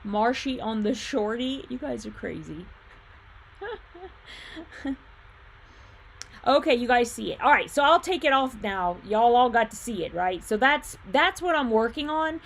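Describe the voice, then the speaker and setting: A woman with a slightly high voice hosts a relaxed livestream. She talks loosely, reads out viewer comments and thinks aloud as she works. She laughs easily and hums filler sounds between sentences. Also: measured pace, gravelly, long pauses, slight background noise. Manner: chatty, thinks aloud while fiddling with her screen. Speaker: livestream host and quilt shop owner. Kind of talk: casual livestream chat reading viewer comments.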